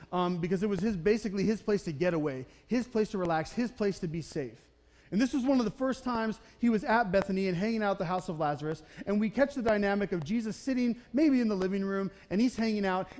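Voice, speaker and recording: A man's voice: high-pitched, quick pace, a little mellow. A man preaching a conversational sermon in a church. He keeps checking in with the congregation and briefly acts out the voices of the people in the story. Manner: conversational preaching, often checking in with "okay? right?"; acts out the Bible characters' voices in short quotes. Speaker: pastor. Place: church sanctuary.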